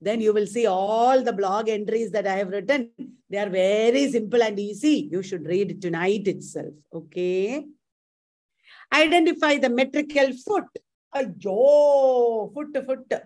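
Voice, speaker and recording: A woman's voice: medium pitch, a little slow, darkish tone. A woman with an Indian accent teaching a live-streamed exam coaching lecture, quizzing her students and drilling terms aloud, with Hindi words mixed in. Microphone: live stream mic.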